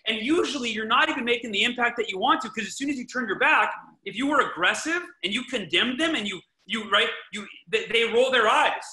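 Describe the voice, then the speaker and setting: A man hosting a podcast, giving casual parenting advice in an energetic, emphatic way, often repeating himself and restarting sentences. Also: extremely high pitch, brisk, few pauses. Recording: echoey room.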